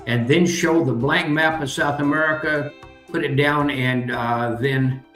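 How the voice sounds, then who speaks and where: A man's voice: a little high, fairly even intonation, unhurried, a bit bright, echoey room, soft background music. An older man, the student's uncle, patiently demonstrating a geography game step by step as a teacher.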